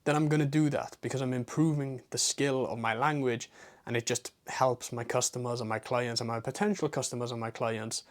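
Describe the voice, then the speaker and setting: A man's voice: medium pitch, steady tone, fairly quick. A man with a strong British accent coaching straight to camera. He talks in a blunt, casual way, with slang and the odd swear word. He drives his points home with runs of rhetorical questions. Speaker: online business coach. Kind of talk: talking-head advice monologue.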